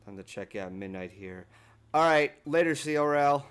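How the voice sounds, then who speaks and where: A man's voice: on the high side, lively intonation, normal speed, smooth. Swearing young man streaming games. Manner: swears loudly at the game, self-mocking. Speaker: game streamer. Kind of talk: casual gaming stream chat.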